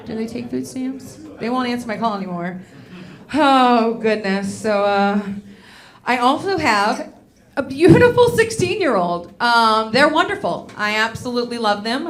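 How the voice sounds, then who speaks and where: A woman in her thirties performing a stand-up comedy set in a club, brash and profane, with self-mocking punchlines on a handheld stage mic. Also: fairly high pitch.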